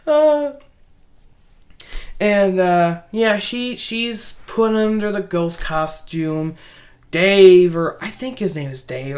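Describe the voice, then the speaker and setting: A woman casually retelling a horror film's plot, rambling, with many restarts and asides. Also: mid-range voice. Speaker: movie reviewer. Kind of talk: casual spoken movie recap.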